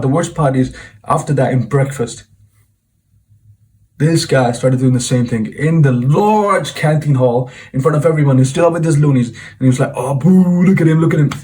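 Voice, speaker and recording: A man's voice: mid-range voice, a little mellow. Casual young man addressing viewers. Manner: informal, peppers talk with "bro", reflective and earnest. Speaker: self-improvement vlogger and coach. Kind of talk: casual storytelling monologue to camera.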